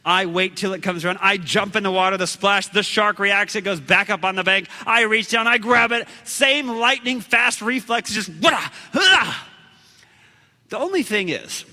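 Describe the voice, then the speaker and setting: A man telling a story as a sermon in an animated way, acting out shouted lines and laughing at himself. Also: high voice, normal speed, few pauses, long reverb tail. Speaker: preacher.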